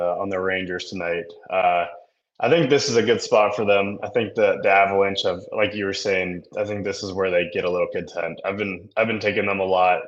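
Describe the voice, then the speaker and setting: A man's voice: low-pitched, muffled recording. A man giving his betting pick, often repeating words as he gets going, with self-deprecating humor. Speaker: betting analyst. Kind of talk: sports betting analysis.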